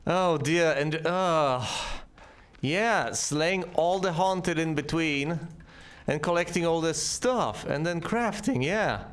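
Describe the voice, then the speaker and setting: A man's voice: a little high, slow. A man giving sarcastic gameplay commentary and talking back to the enemies on screen. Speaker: let's play host.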